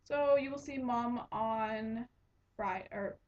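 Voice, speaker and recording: Slow-paced and a little mellow, a young adult woman with a voice on the high side rambles through a story on her casual knitting podcast. The podcast host and resident assistant giggles and restarts often, captured in a dull lo-fi home recording.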